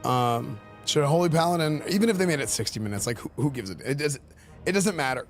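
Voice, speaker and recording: A male streamer giving excitable, rambling live commentary, full of fillers and repeated words. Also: a little high, fast talker, faint music behind. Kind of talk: live-stream commentary reacting to game questions.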